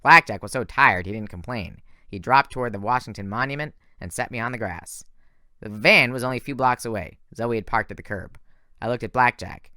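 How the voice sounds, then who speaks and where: A man reading a fan audiobook in a lively, casual first-person narration. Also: mid-range voice, fairly quick, no echo, clean studio sound. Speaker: audiobook reader.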